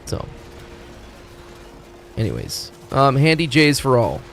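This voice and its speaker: Excitable, foul-mouthed male game streamer. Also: fairly high pitch, unhurried, smooth. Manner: excitable, profane, rambling. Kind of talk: casual gaming commentary. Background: faint game music.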